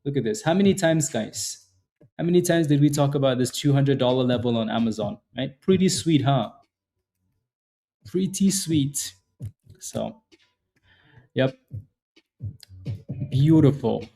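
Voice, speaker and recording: A man's voice: medium pitch, normal speed, vocal fry, dark tone. A man hosting a day-trading livestream, chatting casually and repetitively with viewers in chat and hyping up trades. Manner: repetitive, hyped, chatty, addresses viewers by name. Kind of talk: casual live market commentary to chat.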